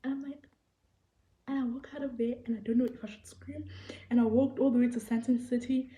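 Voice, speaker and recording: A young South African woman with a South African accent, telling a story to the camera in an animated, excitable way and acting out what people said. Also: fairly high pitch, a little fast. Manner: animated, excitable storytelling, acts out quoted people, repeats phrases. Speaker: vlogger. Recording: echoey room.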